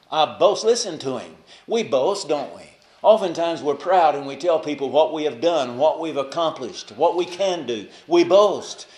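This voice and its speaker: A man preaching a sermon with passion, dropping to a hush on key phrases and rising to raised emphasis. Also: medium pitch. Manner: impassioned, swings from hushed to raised emphasis. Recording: echoey room.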